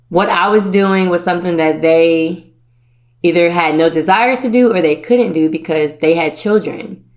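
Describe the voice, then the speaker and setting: A woman from Virginia, hosting a podcast, telling a personal story in a playful, chatty way and putting on the voices of her relatives. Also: lowish voice. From Virginia, USA. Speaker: podcast host.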